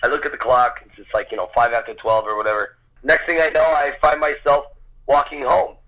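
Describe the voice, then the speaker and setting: A man's voice: medium pitch, steady tone, a little fast, bright, forceful tone, rough recording. Earnest man telling a personal story. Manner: earnest, conversational, acts out quoted voices. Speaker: storyteller guest. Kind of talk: personal anecdote, casual storytelling.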